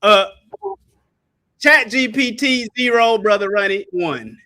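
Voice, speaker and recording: A man with a high, bright voice speaks. He is hosting a loose, animated teaching stream for an online ministry. He chats straight to his viewers and reads answers out to them as he goes. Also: takes it slowly. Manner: animated, talks back to an unseen chat, reads out AI answers. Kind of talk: casual teaching livestream.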